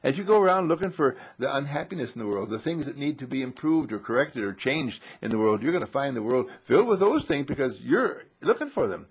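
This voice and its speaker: A man's voice: mid-range voice, sing-song, fairly quick, hardly any pauses, husky, highs cut off. A man giving a rambling spiritual monologue full of little acted stories, laughing often as he talks. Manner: rambling, warm-humored, laughs often, restarts. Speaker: inspirational speaker.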